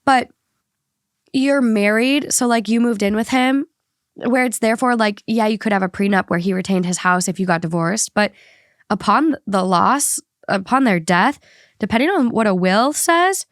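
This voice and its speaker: A woman's voice: medium pitch, normal speed, no room sound, studio quality. A woman hosting a podcast, talking in a heated, indignant way with a stuffy nose. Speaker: podcast host. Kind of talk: casual podcast chat.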